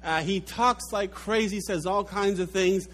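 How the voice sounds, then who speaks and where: A man's voice: high voice, unhurried, fairly bright tone, pitched above the performer's own voice. A man voicing an upbeat pet store owner who gives breezy advice. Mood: eager.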